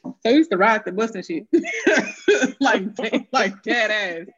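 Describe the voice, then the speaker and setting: A woman's voice: a little high, slow pace, husky. A woman telling a story in casual chat, swearing freely and laughing often. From American South. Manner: profane, animated, laughing often. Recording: dull lo-fi sound.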